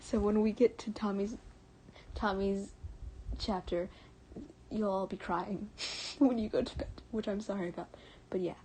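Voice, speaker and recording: A woman's voice: mid-range voice, fairly even intonation, measured pace, a little hiss or hum, poor audio. Giggly American woman reading aloud. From United States. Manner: stumbles over words, giggles, drops into soft whispers. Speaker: streamer. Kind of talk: reading fan fiction aloud on a livestream.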